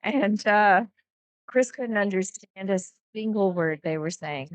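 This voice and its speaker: Female guest commentator, mid-pitched, relaxed and chatty, dry close mic. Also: measured pace, no echo. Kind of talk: casual chat.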